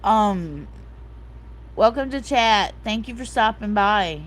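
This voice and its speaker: A woman's voice: medium pitch, lively intonation, slow. A woman in her forties hosting a livestream, chatting casually and emotionally, often saying "like" and "um" and reading out comments from her live chat. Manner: soft-hearted, emotional, reads out chat comments; repeats herself, fillers like "like" and "um". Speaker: livestream host.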